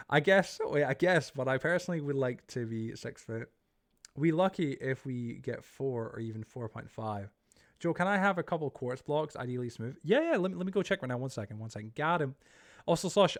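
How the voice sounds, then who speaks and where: Man, young adult, streamer, casual chat, swears a lot, reads chat aloud, mid-pitched. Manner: chatty, swears freely, reads viewer chat aloud and reacts. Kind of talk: casual live-stream chat while gaming.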